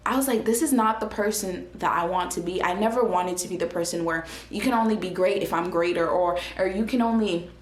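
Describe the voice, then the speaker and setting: A young woman giving a casual, earnest faith testimony as a vlogger, animated and chatty with many restarts. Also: on the low side, a little fast, few pauses. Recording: roomy echo.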